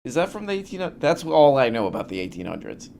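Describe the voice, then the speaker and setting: A man's voice: on the high side, sing-song, fast talker, creaky, a little mellow, a little hiss or hum. A man hosting a reaction video, ranting in a sarcastic, profane and mocking way about clips he plays. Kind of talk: ranting commentary over clips.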